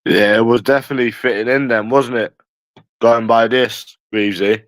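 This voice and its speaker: A man's voice: mid-range voice, fairly even intonation, normal speed, no room sound, rough recording. A young man with a London accent chatting casually with viewers, teasing them by asking the same questions over and over.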